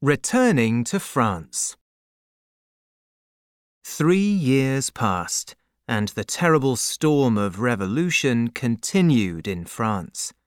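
Slow, expressive male narrator. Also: medium pitch, no echo, clean studio sound. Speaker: audiobook narrator. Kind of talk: scripted narration.

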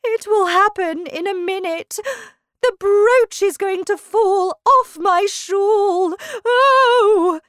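A woman voicing an eccentric old queen in a storybook, speaking slowly with high, dramatic exclamations. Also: fairly bright tone, dry recording, clean studio sound, heavily acted. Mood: theatrical.

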